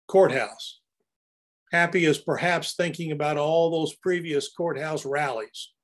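An older man narrating his own photographs in an anecdotal, storytelling way as he presents them. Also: on the high side.

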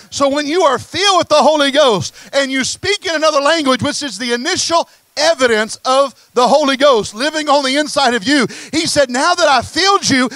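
A man's voice: extremely high pitch, bright, forceful tone, no echo, poor audio. A male pastor preaching a Pentecostal sermon, impassioned, hammering his questions again and again. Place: church service.

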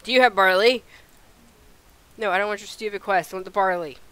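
A woman hosting a casual let's-play video, talking through her game in an animated, exasperated way as she thinks aloud. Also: medium pitch, a little fast, smooth. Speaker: gameplay video host.

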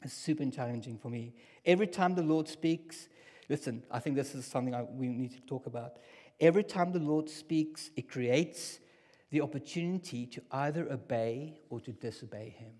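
A man preaching a sermon in a church hall, talking in a casual, conversational way that drops to near whispers and rises to loud bursts. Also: medium pitch, moderate pace. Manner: conversational, swings from hushed to loud. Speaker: pastor. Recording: long hall reverb.

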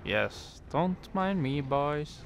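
A man's voice: a little high, expressive, extremely slow, gravelly, slight background noise. A man commentating his game playthrough, joking and talking to the characters on screen. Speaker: gamer. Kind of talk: let's play commentary.

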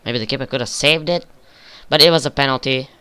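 A man's voice: medium pitch, fast, clean tone. Young man swearing through game commentary. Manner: swears often, flares up with frustration and excitement. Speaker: gaming video creator. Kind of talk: casual gameplay commentary.

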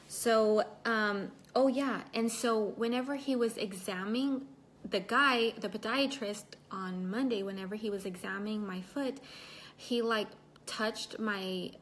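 A woman's voice: medium pitch, a bit bright, a little hiss or hum. A young woman chatting casually on a livestream, reading out and answering viewer comments between bits of her story, laughing often.

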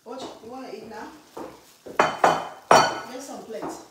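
A woman's voice: fairly high pitch, slow. A middle-aged woman hosting a home cooking video with her daughter, teasing and bossy with playful mock threats. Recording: echoey kitchen with clear background noise.

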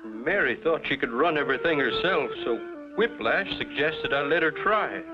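A man's voice: fairly high pitch, expressive, normal speed, close to an everyday voice. A man voicing a worried middle-aged rancher father who talks in a fretful, pleading way, on a lo-fi 1950s cartoon soundtrack. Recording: dull lo-fi 1950s TV soundtrack with music.

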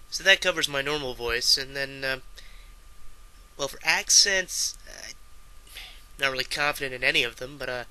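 A man's voice: medium pitch, moderate pace, pauses often, pushed and bright, clean tone. A man, a voice actor, casually and modestly presenting his own voice demo. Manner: casual, modest, filler-laden. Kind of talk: voice demo reel.

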